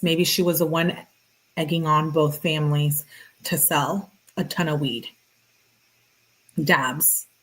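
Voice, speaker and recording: Woman with a lowish voice reading texts out loud, slangy and sarcastic, super casual. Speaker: true-crime commentator. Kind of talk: reading text messages aloud and reacting.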